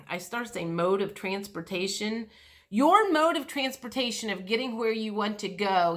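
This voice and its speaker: A woman's voice: medium pitch, fairly bright tone. A middle-aged woman giving a casual, rambling tarot reading, frank and swearing, with many restarts and fillers. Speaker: tarot reader.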